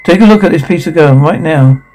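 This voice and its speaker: A man's voice: fairly high pitch, brisk, darkish tone, a little hiss or hum, lightly acted, low-quality recording. An actor playing an upbeat male youth pastor who lectures teens on purity from a stage microphone. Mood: preachy. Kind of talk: film drama acting.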